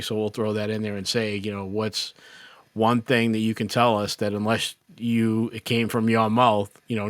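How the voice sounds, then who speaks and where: A man who is a guest on a podcast, chatting casually and telling stories in an animated way. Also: fairly low pitch, dry recording. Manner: animated storyteller. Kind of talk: casual chat.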